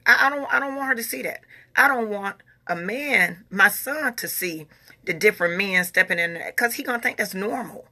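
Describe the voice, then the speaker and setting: A woman in her forties, a vlogger, reads viewer comments and answers them with casual, opinionated emphasis, repeating phrases and using informal Southern American grammar. Her mid-range voice is expressive, bright and forceful at a moderate pace.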